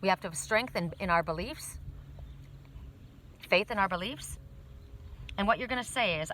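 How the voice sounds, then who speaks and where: A woman giving an oracle card reading by a lake, talking gently and wandering into chatty asides. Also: mid-range voice, lively intonation, normal speed, pauses often, a little hiss or hum. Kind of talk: outdoor card reading vlog. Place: outdoors by a lake. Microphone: phone camera.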